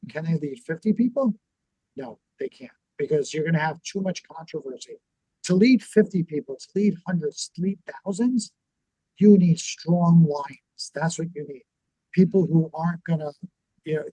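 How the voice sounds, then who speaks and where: Man telling stories with a higher, dry voice. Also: dark tone, slightly rough, dry recording, rough recording. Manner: storytelling, acts out quoted dialogue, repeats words when restarting. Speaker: podcast co-host and business owner. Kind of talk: casual teaching chat on scripture and business.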